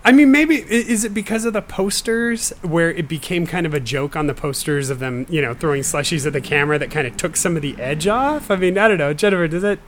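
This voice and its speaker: A man's voice: a little high, fast talker, hardly any pauses, fairly bright tone, slight background noise. Wry, laughing man hosting a podcast. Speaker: podcast host. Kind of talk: casual chat.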